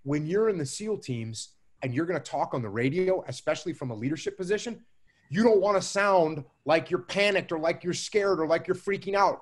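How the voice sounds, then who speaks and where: A man answering interview questions about leadership in a measured, emphatic way, often repeating key phrases. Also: on the high side. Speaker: guest speaker on leadership.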